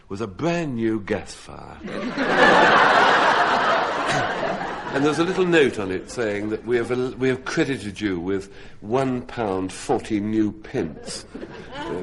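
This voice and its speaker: Animated man spinning a comic yarn. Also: lowish voice, noisy background. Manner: animated, self-mocking storyteller. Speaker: comedy panelist. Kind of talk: comic story told to a studio audience. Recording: 1970s radio broadcast with audience laughter. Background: studio audience laughing.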